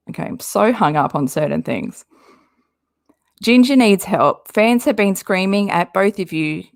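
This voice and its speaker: A woman's voice: medium pitch, creaky, dry recording, clean studio sound. A woman doing casual commentary, reading social media posts aloud with an exasperated, rambling manner and frequent swearing. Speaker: commentary YouTuber.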